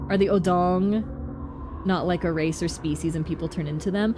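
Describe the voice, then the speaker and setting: A woman streamer giving casual, excitable commentary as she plays a game, thinking aloud in a chatty way. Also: on the low side, moderate pace, background noise.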